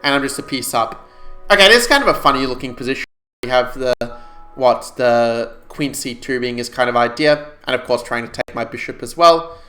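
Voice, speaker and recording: Bright-voiced man thinking aloud. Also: medium pitch, expressive, fairly quick, faint music behind. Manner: thinks aloud, calculating moves to viewers. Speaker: chess streamer. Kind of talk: live-stream puzzle commentary.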